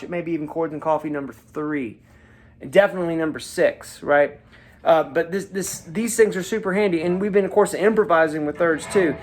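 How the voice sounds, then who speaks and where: A man hosting a casual guitar lesson, folksy and chatty, often checking in with his listeners. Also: a little high. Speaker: guitar teacher and show host. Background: his own guitar playing.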